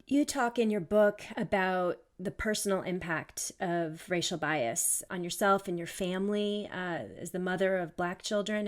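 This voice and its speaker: A woman interviewer asking questions in a measured, gently hesitant way. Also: mid-range voice. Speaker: podcast interviewer.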